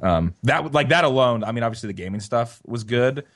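A man co-hosting a podcast chats casually, spinning a rambling story packed with fillers and restarts. His medium-pitched voice is animated, brisk, and slightly bright.

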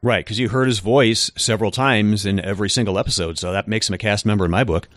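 A man co-hosting a podcast, who explains things in a measured way with some filler words. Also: lowish voice, steady tone, fairly bright tone, dry recording. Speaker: podcast co-host. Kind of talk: casual chat.

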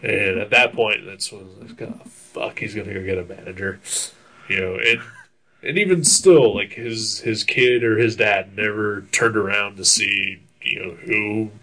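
A man's voice: lowish voice, a little slow, bright, forceful tone. A young man telling a long story on a casual talk show, rambling with many fillers, laughing often and swearing freely. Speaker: podcast co-host telling a story. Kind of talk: casual chat.

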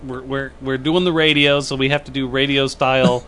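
A man from New York co-hosting a casual chat, cracking dry, deadpan jokes. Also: medium pitch, fairly quick, slight background noise. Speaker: podcast co-host.

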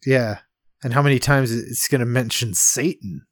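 A man's voice: mid-range voice, moderate pace, no room sound, clean studio sound. A man co-hosting a casual movie review chat, rambling and laughing often as he acts out lines from the film. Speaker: podcast co-host.

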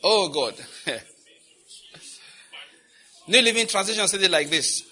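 A man preaches with a very bright, ringing voice that sits a little high. He is fervent, calling out to God between points and getting the congregation to repeat lines back to him. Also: animated, takes it slowly, slight background noise. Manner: fervent, with prayerful exclamations. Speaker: prayer teacher. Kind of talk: sermon with call-and-response.

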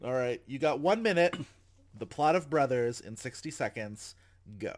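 A man's voice: medium pitch, animated, moderate pace. Wry, joking male podcast host. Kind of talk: casual chat.

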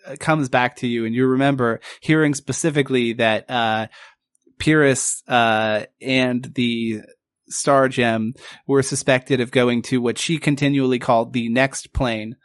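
A man's voice: medium pitch, fairly even intonation, measured pace, clean tone, no echo. A man narrating as a tabletop game master in an easygoing, chatty way, with many fillers.

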